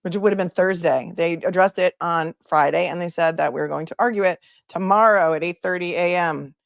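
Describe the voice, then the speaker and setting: A woman attorney hosting a casual legal talk livestream, talking in an animated, emphatic way and stressing her points in lists. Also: on the low side, a little fast, vocal fry, no room sound, studio quality. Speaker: attorney and show host.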